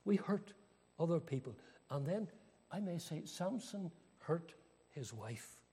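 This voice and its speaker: A man's voice: fairly high pitch, lively intonation, slow, warm tone, slightly rough. An older man preaching a sermon earnestly, with dramatic rises and falls. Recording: long hall reverb.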